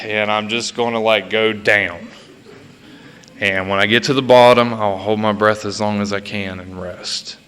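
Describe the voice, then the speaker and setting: Recorded in a reverberant hall, a man tells his own recovery story at a meeting with profanity and self-mockery, laughing at himself along the way. His voice runs on the low side and sounds pushed and bright.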